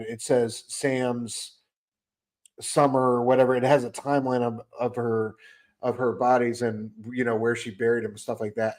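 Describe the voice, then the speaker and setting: A man co-hosting a casual comic book podcast, retelling the story with lots of energy and acting out bits of dialogue. His voice sits in an ordinary middle pitch. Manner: animated retelling, acts out characters' lines. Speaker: podcast co-host.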